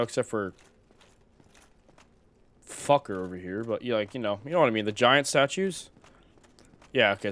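A man's voice: lowish voice, a bit bright. A man giving casual let's-play commentary, rambling and swearing as he talks to himself. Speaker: gameplay streamer.

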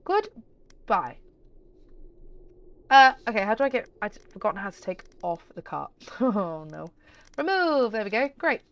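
A woman giving chatty, excitable let's-play commentary as a gaming YouTuber, often giggling. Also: medium pitch, unhurried, long pauses.

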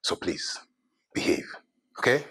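An actor playing a nervous household servant who gives anxious warnings, partly whispered. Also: male voice, a little slow, pushed and bright. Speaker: household staff. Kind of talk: scripted drama acting.

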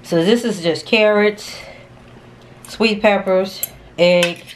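A woman vlogging casually while cooking in her home kitchen, excitable and calling viewers honey and y'all. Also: mid-range voice, slow pace, a little hiss or hum. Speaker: family vlogger.

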